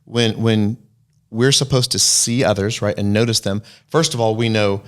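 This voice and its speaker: A man's voice: fairly low pitch, steady tone, moderate pace, a bit bright. A man co-hosting a casual faith podcast, talking earnestly, quoting scripture and throwing in jokes. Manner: earnest, preachy, quotes scripture, joking asides. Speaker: podcast co-host.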